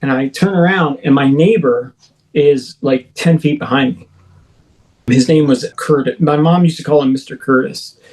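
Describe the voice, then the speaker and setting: A man with a voice pitched a little above the usual tells his own story as an interview guest. His delivery is rambling, with lots of fillers and restarts, and he acts out his own shouts along the way. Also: moderate pace, poor audio. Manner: rambling, filler-heavy retelling with frequent "like" and restarts; animated, acting out his own shouts in quoted speech. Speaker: guest recounting personal experiences. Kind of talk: first-person storytelling in a podcast interview.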